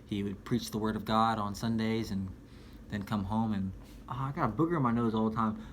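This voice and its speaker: A man's voice: fairly low pitch, brisk, a little hiss or hum. A young man talking casually to camera about a book, rambling and chatty, often calling the viewer dude or man. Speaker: vlogger reviewing a book. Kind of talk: casual spoken review.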